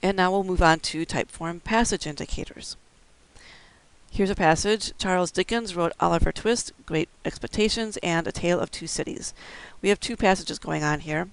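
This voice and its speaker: A man with a slightly high, gravelly yet clear voice teaches in a careful, step-by-step way, pausing on the odd filler. The recording is dry and close, with no room sound. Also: no echo, rough recording. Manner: methodical, explaining step by step with fillers. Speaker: braille instructor. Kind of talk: recorded instructional lecture.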